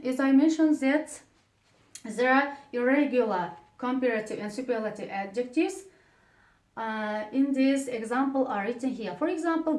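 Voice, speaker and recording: A woman who speaks Uzbek natively teaches an English grammar lesson in a classroom with an Uzbek accent. She talks haltingly with many fillers and stresses each example word. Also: fairly high pitch, darkish tone. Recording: echoey room, voice from a distance.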